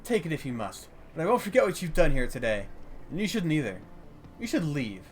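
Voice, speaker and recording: A man voicing a gruff, well-meaning old male junk scavenger with a put-on German accent. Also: fairly high pitch, big pitch swings, a little fast, faint music behind, voice pushed up.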